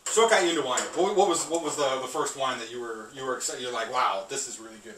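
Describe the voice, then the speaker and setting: A man hosting a wine podcast, enthusing quickly and casually over the wine being tasted. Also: mid-range voice, fairly bright tone. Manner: enthusiastic, fast-talking. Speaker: podcast host. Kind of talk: casual wine tasting chat. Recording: roomy sound from a distant mic, faint ambient noise.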